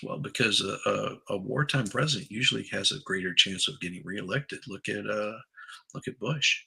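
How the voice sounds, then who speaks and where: A man's voice: on the low side, moderate pace, creaky, bright, forceful tone, slightly rough, rough recording. A man from the United States co-hosting a casual political chat, talking with many restarts and sarcastic asides. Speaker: co-host.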